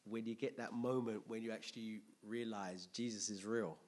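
A man preaching a Bible teaching sermon, repeating key phrases and breaking into loud, excited exclamations, laughing as he digresses. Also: on the low side. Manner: slow, repetitive, bursts into loud excited exclamations; laughs often, digresses into personal testimony.

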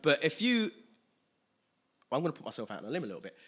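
A man preaching a sermon in an animated way, acting out scenes with sudden loud outbursts. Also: fairly high pitch, fast talker, slightly rough.

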